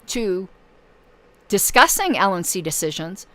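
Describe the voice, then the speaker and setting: A woman hosting her own channel in casual livestream talk, losing her voice and pausing often with fillers. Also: fairly low pitch, a bit bright. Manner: halting, many filler pauses. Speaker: political channel host.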